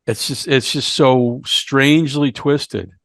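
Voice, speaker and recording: A man's voice: mid-range voice, fairly even intonation, dry recording, studio quality. A man co-hosting a podcast, casually recapping a horror movie and often repeating words as he goes. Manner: halting, repeats words while recapping the plot. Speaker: podcast co-host. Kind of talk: casual movie review chat.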